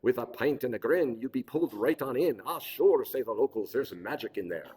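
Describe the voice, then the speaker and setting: A man's voice: medium pitch, expressive, brisk, dark tone, husky. A man putting on a jovial stage Irish brogue to recite a sing-song limerick, with hall reverb. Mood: playful. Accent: put-on Irish brogue.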